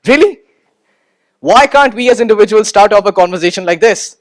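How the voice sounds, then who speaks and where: A young man in his twenties from India, giving an animated motivational talk on stage with rhetorical questions. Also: high voice, quick pace. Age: 20s. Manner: animated, rhetorical, repeats words when starting. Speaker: student speaker.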